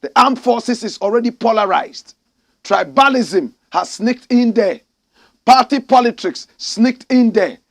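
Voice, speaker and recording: A man's voice: very high voice, lively intonation, unhurried, fairly bright tone. A Ghanaian man giving impassioned political commentary, indignant and full of rhetorical questions, calling listeners his brothers and sisters.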